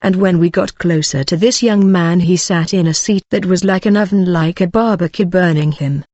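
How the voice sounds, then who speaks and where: A man's voice: high-pitched, normal speed, a little mellow, dry recording. Solemn man narrating a religious testimony. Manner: solemn, plain storytelling with quoted dialogue. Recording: dull, dry lo-fi voice recording.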